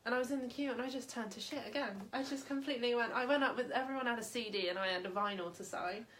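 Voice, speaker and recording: Animated woman interviewer. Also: a little high, fast, a little hiss or hum. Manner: animated, self-mocking storyteller. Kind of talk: casual chat. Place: home living room.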